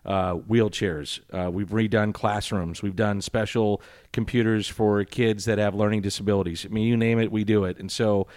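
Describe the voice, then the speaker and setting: A middle-aged man who talks in a loose, rambling way with a dry, sarcastic edge. He is a sports broadcaster answering an interviewer's questions. His voice sits fairly low and the recording is dry and close. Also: fairly even intonation, normal speed, hardly any pauses, a little mellow, no echo.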